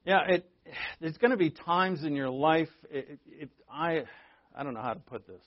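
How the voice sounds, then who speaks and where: Conversational male pastor, fairly high voice. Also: normal speed. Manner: conversational, joking with the congregation. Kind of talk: sermon. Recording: dull lo-fi recording.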